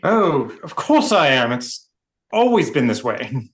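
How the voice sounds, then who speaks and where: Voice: mid-range voice, very animated, a little slow, slight background noise. Someone doing a breezy mock-Cockney woman. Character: woman who insists she is Cockney. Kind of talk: online improv scene. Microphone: video call.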